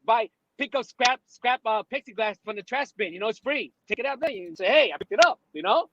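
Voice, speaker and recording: A man co-hosting a livestream from his car, excitable and repeating "you know" and "I love it". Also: very high-pitched, brisk, highs cut off. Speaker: co-host. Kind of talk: casual livestream chat.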